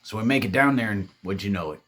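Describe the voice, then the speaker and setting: Fast and animated, a man with a lowish, fairly bright voice recounts a creepy story from a party. His delivery is relaxed and drawling, loaded with profanity, and he voices his friends' lines himself.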